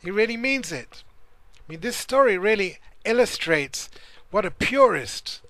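A man with a high, bright voice gives an earnest Torah class, telling stories as he teaches. He speaks in a searching way and often restarts his sentences. The recording is close and dry. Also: animated, measured pace, dry recording. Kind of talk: spoken Torah class with storytelling.

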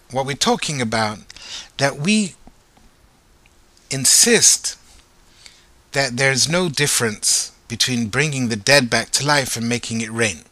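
A man teaching Torah in a lively way, asking his listeners rhetorical questions. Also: mid-range voice, dry recording. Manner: animated, asks rhetorical questions.

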